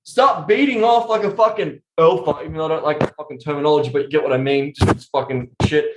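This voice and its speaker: A man speaking as a coach on a casual podcast interview over a remote call, blunt and animated, swearing constantly. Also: on the high side, quick pace, reverberant, background noise.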